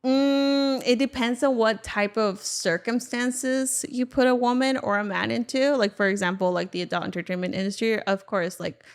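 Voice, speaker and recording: Young female podcast guest, smooth voice, loose chatty delivery. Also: on the high side, moderate pace, few pauses. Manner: relaxed, many "like" fillers. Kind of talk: casual interview answers. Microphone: studio microphone.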